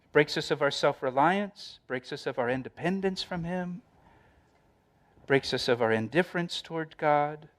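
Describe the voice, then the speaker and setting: A middle-aged man delivers a sermon in a somewhat high voice. He leans on repetition, growing loud as he voices the quoted lines, then dropping low for reflection. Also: normal speed. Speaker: pastor.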